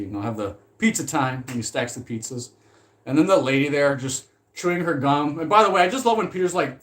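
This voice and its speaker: A man chatting casually about films in a loose, rambling way. He gets animated, swears freely, and laughs often between thoughts. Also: medium pitch. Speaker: movie commentary vlogger. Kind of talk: casual chat.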